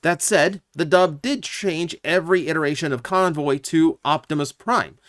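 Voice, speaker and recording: A man's voice: a little high, moderate pace, fairly bright tone, no echo, studio quality. A man hosting his own channel, giving casual, opinionated commentary with lots of asides and fillers. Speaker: YouTube channel host.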